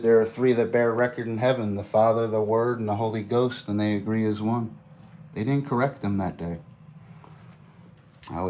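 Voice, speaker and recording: A man's voice: on the low side, a little mellow. A man livestreaming in a casual, boastful, preachy way, quoting scripture at length.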